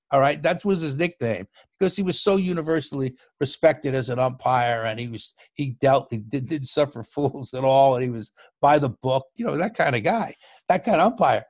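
Male interview guest, animated anecdote teller, slightly high register. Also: no room sound, studio quality. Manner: lively storyteller who gets louder and higher as the story builds, with frequent restarts. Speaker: guest, former baseball TV broadcast producer.

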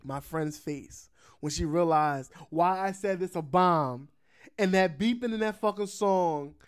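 Man, podcast host, casual storytelling, animated, laughs a lot, swears freely. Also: sits high, unhurried, smooth.

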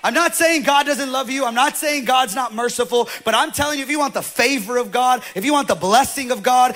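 A pastor preaching a sermon in a church with great passion, swinging from loud peaks to soft, choked-up near-whispers. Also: male voice, extremely high pitch, brisk, hardly any pauses. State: choked up with emotion. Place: church hall.

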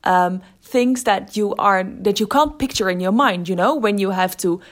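A woman's voice: mid-range voice, normal speed. A middle-aged woman hosting a podcast as a creativity teacher, talking thoughtfully and often restarting her sentences. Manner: thoughtful, with frequent restarts and fillers. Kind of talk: casual spoken monologue.

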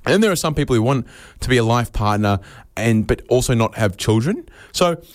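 Lively-voiced Australian man riffing. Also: mid-range voice, a little fast, dry recording, studio quality. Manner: deadpan absurd riffing, acts out quoted voices. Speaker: comedy podcast host. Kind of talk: rambling comic monologue.

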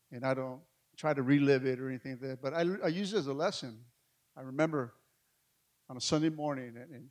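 A middle-aged male pastor, telling a story in a sermon, swinging between hushed and loud. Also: a little high.

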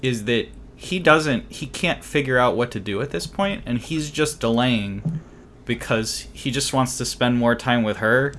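A man's voice: medium pitch, unhurried, fairly bright tone, a little hiss or hum. A man co-hosting a casual movie discussion, rambling with many fillers and restarts. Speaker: podcast co-host.

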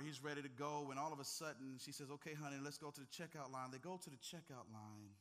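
High bright-voiced preacher man. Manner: builds to loud call-and-response preaching, then hushed prayer. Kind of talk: sermon with prayer.

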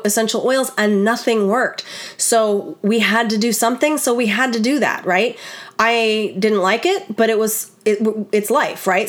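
A middle-aged woman hosting a podcast, talking in a chatty, animated way and often turning to her listeners. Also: medium pitch. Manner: chatty, animated, many "like" and "you guys". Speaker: podcast host. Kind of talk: casual chat.

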